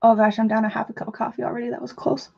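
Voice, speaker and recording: A woman's voice: fairly high pitch, little pitch movement, very fast, vocal fry, slightly rough. Chatty woman hosting a live stream. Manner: chatty, goofy, rambling, jokes with chat. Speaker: host of a live crafting talk show. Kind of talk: casual live-stream chat. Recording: dull lo-fi stream audio.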